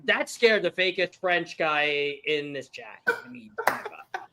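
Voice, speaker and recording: A man's voice: a little high, animated, a little slow, background noise. A man hosting a casual live-stream game show, laughing often and reading viewer chat aloud.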